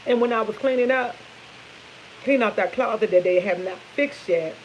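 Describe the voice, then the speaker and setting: A woman in her 50s, her voice on the high side, talks at a moderate pace while sipping morning coffee indoors in her kitchen. As a vlogger she spins animated, chatty stories for "y'all," captured on lo-fi audio with a little hiss or hum.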